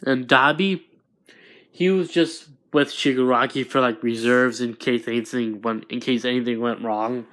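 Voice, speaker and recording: A man's voice: mid-range voice, fairly even intonation, normal speed, fairly bright tone. A man improvising a fan story as narrator, hesitant and often restarting his sentences.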